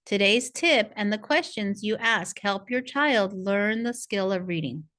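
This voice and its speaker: A woman's voice: mid-range voice, lively intonation, unhurried, fairly bright tone. A woman narrating a parent workshop as a reading coach, in a patient, encouraging teacher tone. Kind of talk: scripted instructional narration.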